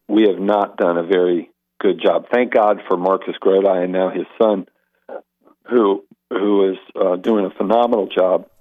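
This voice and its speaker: A man, a Catholic apologist, telling stories as a guest on a radio interview, full of restarts and asides. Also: deep voice. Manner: animated storyteller with many restarts. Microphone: phone call into radio show. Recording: tinny phone line.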